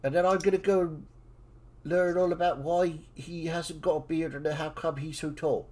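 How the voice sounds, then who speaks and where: A tiny dwarf child gushing in a squeaky, way-up voice that swoops wildly as he talks, put on by a man running a tabletop game. He is breathless and wide-eyed, loud and full of wonder. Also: steady tone, moderate pace, close to an everyday voice. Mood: awestruck. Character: excitable little dwarven child, boy.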